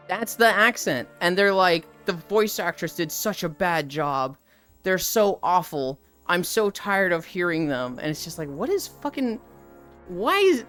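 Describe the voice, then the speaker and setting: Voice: mid-range voice, a bit bright. A streamer chatting casually on a live stream about a video game, rambling and swearing freely.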